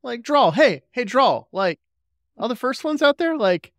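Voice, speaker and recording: A man putting on a high wheedling alien voice. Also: very animated, a little slow, a bit bright, no echo, clean studio sound, exaggerated voice. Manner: high, rambling, nagging. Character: giddy male alien lord, pushy and wheedling.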